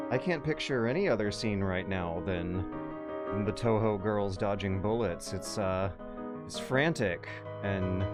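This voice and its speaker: A man streaming live, chatting casually in a rambling, self-interrupting, wry way, his throat a little dry. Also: on the low side. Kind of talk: casual livestream chat.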